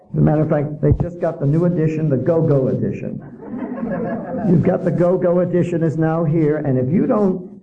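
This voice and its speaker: A man's voice: on the high side, creaky, narrow, tinny audio. A man giving a public lecture as an author, indignant and full of rhetorical questions.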